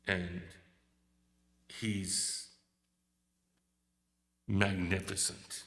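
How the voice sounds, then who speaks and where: A man giving a hesitant, emotional memorial speech, pausing often and searching for words. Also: low voice, steady tone, vocal fry, pushed and bright. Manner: hesitant, emotional, many pauses and fillers. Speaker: eulogy speaker. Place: memorial service hall. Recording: long hall reverb.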